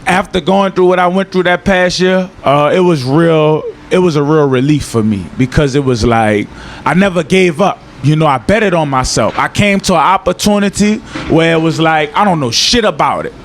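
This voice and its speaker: A young man with a New Orleans accent, chatting casually as an interview guest, laid-back and slangy, sometimes dropping to a low earnest tone. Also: normal speed, a little hiss or hum. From New Orleans, Louisiana. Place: outdoors in Miami.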